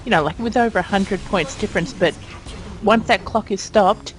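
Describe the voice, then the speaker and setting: A woman's voice: medium pitch, normal speed, faint music behind. A woman co-hosting a game livestream, trading self-deprecating banter with her partner while they play. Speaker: co-host and fellow player. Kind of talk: casual gaming chat.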